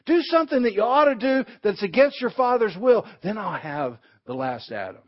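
A man's voice: high-pitched, very animated, normal speed, pitched above the performer's own voice. A man voicing a mocking male devil who goads and taunts his foe, heard on a dull, lo-fi recording. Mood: goading. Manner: mocking, goading.

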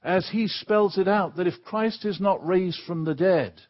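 Slow, deliberate English preacher. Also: male voice, sits high, dull audio. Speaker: guest preacher. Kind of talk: sermon. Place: church pulpit.

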